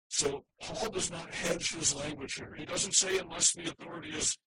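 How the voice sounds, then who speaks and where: A man's voice: fairly high pitch, steady tone, moderate pace, few pauses, bright, forceful tone, husky, no room sound, poor audio. A man preaching a sermon, earnest and emphatic, with frequent restarts as he works through scripture slides. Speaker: pastor.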